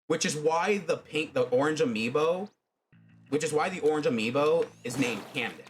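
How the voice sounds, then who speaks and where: Man narrating his fan story on a stream, lively pitch, rambling. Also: normal speed, slight background noise. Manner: animated, rambling, many fillers. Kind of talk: casual spoken storytelling.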